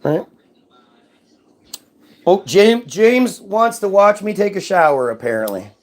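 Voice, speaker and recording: A man's voice: high voice, expressive, takes it slowly. A man in a casual ranting monologue, mocking and profane, answering chat.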